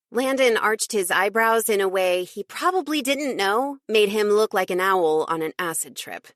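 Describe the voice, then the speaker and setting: A woman narrating a cozy mystery audiobook in first person, with wry, lively storytelling. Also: fairly low pitch, moderate pace, hardly any pauses, no room sound, studio quality.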